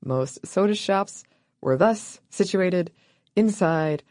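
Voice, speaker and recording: A woman co-hosting a casual history podcast, deadpan and jokey as she reads her part. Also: fairly low pitch, takes it slowly, no echo, studio quality. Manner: deadpan, jokey, laughs at own lines. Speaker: podcast co-host.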